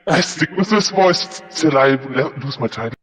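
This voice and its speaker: A man putting on a deep, sultry demon champion voice, drawn out slowly. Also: lively intonation, a bit bright, husky, in a large hall. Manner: slow, low, drawn-out delivery.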